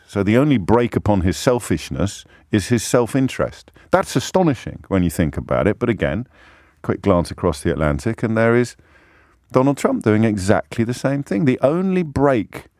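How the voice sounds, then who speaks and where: A man's voice: fairly low pitch, darkish tone, dry recording, studio quality. A man hosting a radio show, delivering an impassioned, scornful monologue with emphatic rhetorical repetition. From Britain. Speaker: radio phone-in host.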